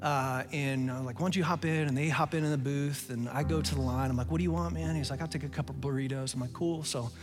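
A male pastor preaching a sermon, telling stories in an animated way and laughing at himself. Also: a little high, fast, hardly any pauses, big-room sound, over music.

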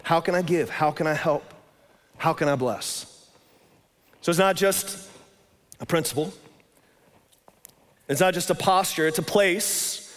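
Casual pastor, high voice, hall reverb, chatty sermon delivery. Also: male voice, unhurried, long pauses, fairly bright tone. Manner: conversational preaching, often says "man".

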